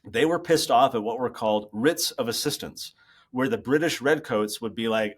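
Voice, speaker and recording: A man speaking as a guest over a laptop video call from his office, explaining ideas in an animated, storytelling way. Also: mid-range voice, normal speed, slightly rough. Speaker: guest author. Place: home office.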